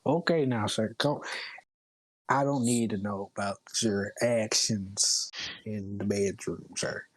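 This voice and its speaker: A man at a tabletop game who talks brashly, cracking jokes and cursing freely. His voice is mid-pitched and recorded very dry, right up close. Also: slow, no echo, rough recording. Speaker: player. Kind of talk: casual tabletop role-play.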